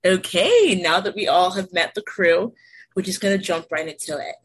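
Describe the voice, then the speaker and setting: A woman's voice: lowish voice, moderate pace, breathy edge, rough recording. Young woman hosting a student podcast. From Delaware, USA. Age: 20s. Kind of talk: casual podcast moderation.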